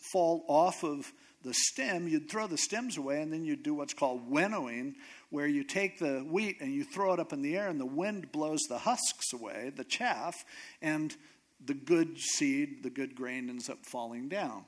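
Preacher, man with a slightly high voice, easygoing storyteller with a wry touch. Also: normal speed. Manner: casual, conversational retelling with humor. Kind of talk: sermon storytelling.

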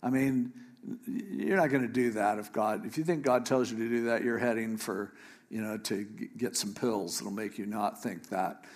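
A man preaching a sermon, retelling a scripture story in a lively, joking way with paraphrased dialogue. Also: on the low side, normal speed. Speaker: pastor.

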